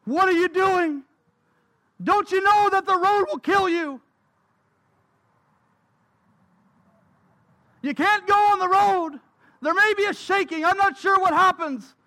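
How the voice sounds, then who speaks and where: A man voicing a frightened mother loudly scolding her toddler, raising his pitch for her. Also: brisk, hardly any pauses, heavily acted. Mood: frantic scolding. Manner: loud, urgent scolding.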